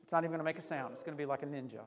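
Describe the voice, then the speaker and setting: A man hosting a lively game for a group, upbeat and teasing, laughing often. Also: on the high side, racing, big-room sound, crowd noise. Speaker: youth leader hosting a game.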